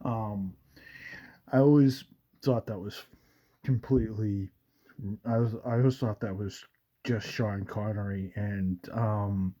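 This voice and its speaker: A man's voice: lowish voice, fairly even intonation, slow pace, pauses often, dark tone. A male radio show host chatting casually, rambling with fillers and retelling movie scenes. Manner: rambling, with many fillers and quoted movie lines.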